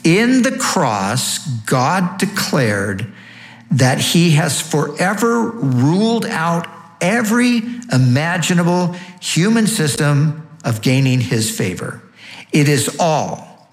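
A male pastor delivering a sermon with emphatic, teaching cadence, often pausing on rhetorical questions. His voice sits a little higher than most men's. The sound carries a noticeable room echo. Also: sing-song.

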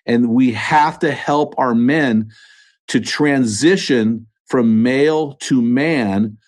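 An American man speaks with earnest, preacher-like conviction, his voice sitting at an ordinary middle pitch. He restarts phrases often and leans hard into his points. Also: takes it slowly, a little mellow. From United States. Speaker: podcast host and author, interview guest. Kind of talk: conversational interview. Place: church studio office.

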